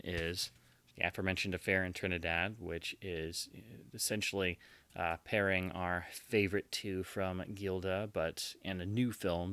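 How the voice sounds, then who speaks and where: A man giving casual unboxing commentary as a collector, enthusiastic and quick to heap on superlatives. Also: low-pitched, pushed and bright, clean tone, dry recording. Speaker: collector presenting his purchases.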